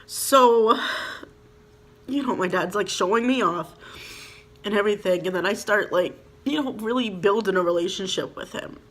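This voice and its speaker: A woman's voice: medium pitch, moderate pace, fairly bright tone. A young woman from Minnesota telling a personal storytime in a casual, rambling way, full of "like" and "you know," emotional and heartfelt. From Minnesota, USA. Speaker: vlogger.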